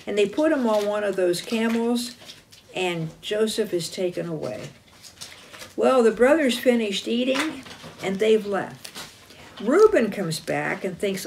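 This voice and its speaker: A woman telling a Bible story to children in chapel with a map and figures. She speaks deliberately and expressively and sometimes corrects herself. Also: medium pitch, sing-song, a little mellow, slight background noise. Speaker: chapel teacher.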